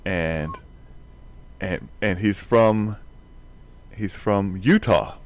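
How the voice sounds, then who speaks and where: A man's voice: low voice, extremely slow, slight background noise. Chuckling man telling rambling stories. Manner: rambling anecdotes, chuckling often. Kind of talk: casual chat.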